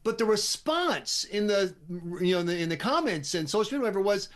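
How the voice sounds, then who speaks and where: An American man appearing as a guest commentator on talk radio, speaking in a brisk, wry, opinionated way. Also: high voice, animated, a bit bright. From United States.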